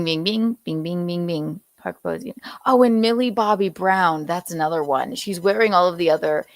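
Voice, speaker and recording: A woman's voice: medium pitch, no echo. A woman from the American South hosting a casual pop-culture chat, loose and gossipy, often laughing. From Southern United States. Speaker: podcast host.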